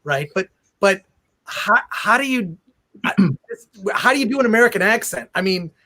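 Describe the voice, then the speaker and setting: A man's voice: sits high, expressive, a little slow, sharp tone. A man hosting the interview, asking rambling, joking questions. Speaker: host. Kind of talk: casual interview.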